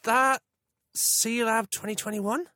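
A man's voice: very high voice, fairly even intonation, slow pace, sharp tone, no room sound, studio quality. A man on a comedy panel, wry and self-deprecating. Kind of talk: comedy podcast banter.

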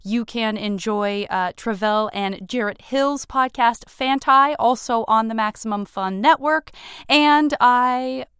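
A woman hosting a podcast in casual chat, bubbly and effusive, self-deprecating and quick to laugh. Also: on the high side, a bit bright, smooth, dry recording, clean studio sound. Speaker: podcast host.

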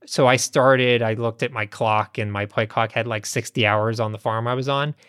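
A man co-hosting a podcast, reading listener questions and telling anecdotes in a relaxed, chatty way. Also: mid-range voice, normal speed, smooth, no room sound, studio quality. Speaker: podcast co-host. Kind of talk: casual chat and anecdotes.

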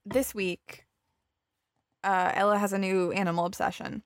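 A woman co-hosting a podcast in casual chat, playful and quick to agree. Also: mid-range voice, level tone, dry recording, clean studio sound. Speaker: podcast co-host.

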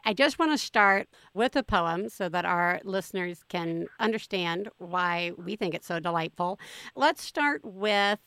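A woman's voice: medium pitch, pushed and bright, smooth, no echo, clean studio sound. A woman in her forties hosting a casual podcast chat, enthusiastic and laughing often. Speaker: podcast host.

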